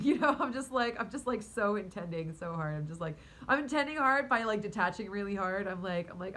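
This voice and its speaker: A woman casually telling a story to her viewers in a rambling, animated way, full of fillers, restarts and quick laughs. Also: mid-range voice, poor audio. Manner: talks to her cat mid-story. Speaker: vlogger and spiritual coach.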